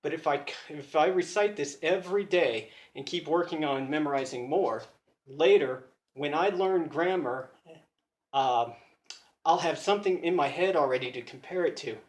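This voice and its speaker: A man's voice: fairly high pitch, normal speed. American man, roomy phone recording. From United States. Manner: earnest, thinking aloud, self-correcting. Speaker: language learner sharing study tips. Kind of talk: casual explanatory video talk.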